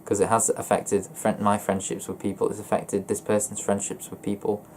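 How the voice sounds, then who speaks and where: A young man vlogging about his feelings in a flat, monotone voice, hesitant and often stopping to correct himself. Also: on the low side, a little hiss or hum. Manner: hesitant, halting and self-correcting. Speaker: gaming YouTuber. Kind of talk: personal confessional vlog.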